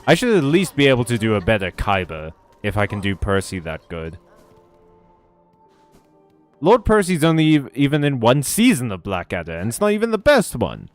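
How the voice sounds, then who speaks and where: A man's voice: medium pitch, wildly swooping pitch, moderate pace, soft background music. A young man streaming a game, joking and self-deprecating as he reads chat and swears freely. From South Africa. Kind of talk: casual game commentary and chat reading.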